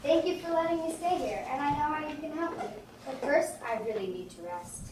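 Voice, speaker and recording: A soft-spoken, worn-out tooth fairy, played by a woman with a high voice, asking for help in a polite, pleading way. She sounds a little distant in an echoey room with steady background noise. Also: brisk. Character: weakened, gentle female tooth fairy.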